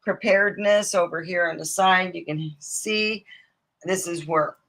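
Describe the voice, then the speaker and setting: A woman's voice: lowish voice, a little slow, a bit bright, poor audio. A woman from Nevada hosting a livestream, rambling casually, digressing, swearing freely and acting out quoted voices. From Nevada, USA. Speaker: livestream host.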